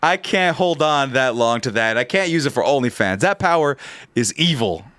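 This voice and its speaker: A man's voice: mid-range voice, lively intonation, moderate pace, a bit bright, no echo, studio quality. A man casually telling a long funny anecdote on a podcast, acting out the voices and laughing often. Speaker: podcast co-host. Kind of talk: casual storytelling.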